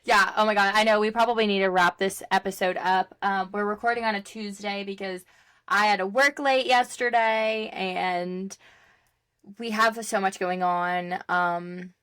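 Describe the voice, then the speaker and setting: A woman's voice: medium pitch, fairly even intonation, a little slow, a bit bright, smooth, dry recording, studio quality. A young woman co-hosting a casual podcast chat over a video call, chatty and full of fillers and laughs. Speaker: podcast co-host.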